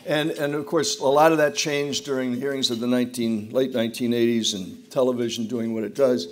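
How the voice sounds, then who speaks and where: A man's voice: mid-range voice, fairly even intonation, brisk. A man in his sixties or older from the United States, telling humorous stories to an audience in a wry, self-deprecating way, often restarting his sentences. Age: 60s or older. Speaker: speaker at a roundtable. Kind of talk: humorous storytelling speech. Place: event hall before an audience.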